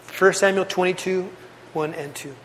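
A man delivers a youth sermon in an earnest, conversational way, looping back on his phrases for emphasis. His voice sits high. The sound carries a long reverb from a large hall. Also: steady tone, normal speed, fairly bright tone, slight background noise. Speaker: youth pastor.

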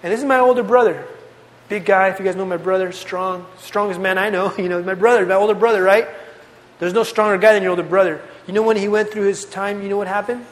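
A man delivers a youth sermon in an earnest, conversational way, looping back on his phrases for emphasis. His voice sits high. The sound carries a long reverb from a large hall. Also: steady tone, quick pace. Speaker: youth pastor.

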